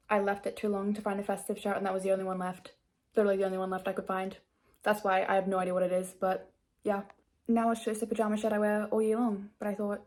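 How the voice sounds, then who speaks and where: A young woman in a casual bedtime vlog, chatting playfully and poking fun at herself. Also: medium pitch. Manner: chatty, playful, self-mocking. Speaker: vlogger. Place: bedroom at home.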